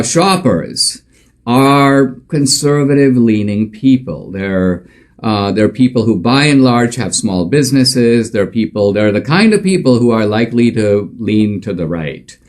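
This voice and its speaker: A male commentator tells a story in a conversational yet emphatic monologue. His voice sits in an ordinary middle register, and he often pauses on fillers while he builds his point. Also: mid-range voice, lively intonation. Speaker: author and commentator.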